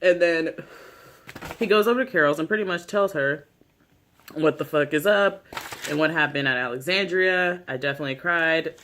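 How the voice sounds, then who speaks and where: Man, casual TV recap vlogger. Rambling and slangy with lots of cursing, a touch higher-pitched than most. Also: normal speed, long pauses, sharp tone, slight background noise. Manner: rambling, heavy use of "like" and "you know"; swears freely, slangy. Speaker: YouTube show recapper.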